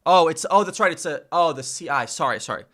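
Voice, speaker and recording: A young man learning a language in a casual lesson, hesitant, repeating phrases slowly as he practices. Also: fairly high pitch, lively intonation, a bit bright.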